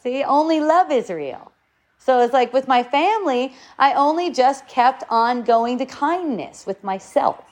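A woman's voice: high-pitched, expressive, a little slow. A middle-aged woman giving a casual spiritual talk, rambling and repeating her words as she goes. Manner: rambling, repeats words, acts out shouts and quotes.

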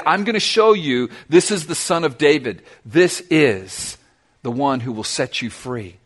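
A pastor preaching an earnest sermon, retelling scripture dramatically and asking the church direct questions. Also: male voice, on the high side, fairly bright tone.

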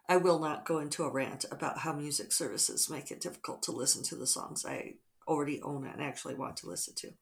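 Low gravelly-voiced woman musing. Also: steady tone, brisk. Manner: reflective, rambling with soft fillers. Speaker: author. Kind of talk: casual morning vlog.

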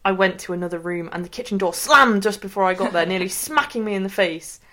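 A woman reads a spooky first-person tale aloud in a mid-pitched, everyday voice. She gives it a mock-dramatic read and keeps breaking into giggles. The tone is a relaxed podcast chat. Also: quick pace. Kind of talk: reading a story aloud for laughs.

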